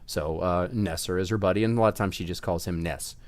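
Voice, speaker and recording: A man who writes fantasy novels, vlogging in a relaxed, chatty way with many fillers and a slight Southern US accent. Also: low voice, fast, no echo. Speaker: author vlogging about his books. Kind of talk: casual vlog talk.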